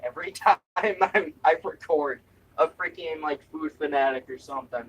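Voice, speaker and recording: A man's voice: fairly high pitch, normal speed, breathy edge. Giggly, swearing young guy, far from mic. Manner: swears casually, jokey and giggly. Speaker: food review vlogger. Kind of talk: casual taste-test vlog. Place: room at home with window open.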